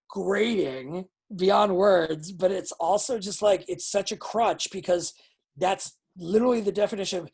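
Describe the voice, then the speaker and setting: Blunt, husky-voiced woman wrestling coach. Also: medium pitch. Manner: blunt, excitable, swears freely. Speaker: pro wrestling trainer. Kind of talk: live online coaching feedback.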